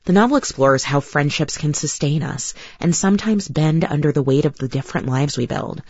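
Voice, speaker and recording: A woman's voice: low-pitched, fairly quick, a little mellow, husky, dry recording. A woman hosting a radio news program, reading a scripted introduction and asking an author thoughtful questions. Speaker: radio show host. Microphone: studio mic, dry. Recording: slightly dull lo-fi broadcast sound.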